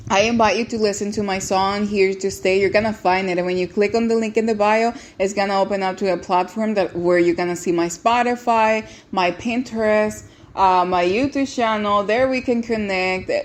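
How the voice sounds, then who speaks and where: A woman's voice: medium pitch, fairly even intonation, normal speed. Tearful woman podcast host. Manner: earnest, tearful, repeats words and restarts often. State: close to tears. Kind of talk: emotional personal testimony and encouragement.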